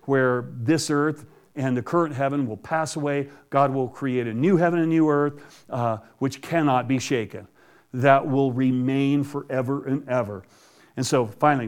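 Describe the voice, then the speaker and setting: A man's voice: fairly high pitch, darkish tone. A man preaching a Bible-teaching sermon in a conversational way, often repeating words.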